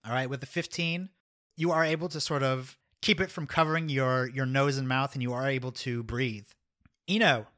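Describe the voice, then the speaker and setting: A man running a tabletop game as game master, narrating with chuckles and halting restarts. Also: medium pitch, steady tone, fairly bright tone.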